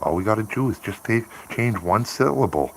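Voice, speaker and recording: A man's voice: lowish voice, lively intonation, moderate pace, slight background noise. A man chatting casually on a morning live stream, rambling and laughing often. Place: home by a window.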